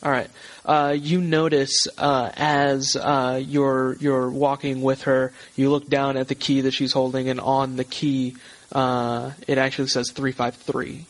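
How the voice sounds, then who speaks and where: A man narrating a tabletop horror game as game master over a voice call, with halting, filler-heavy narration. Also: medium pitch, level tone, rough recording. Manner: halting, many fillers and restarts.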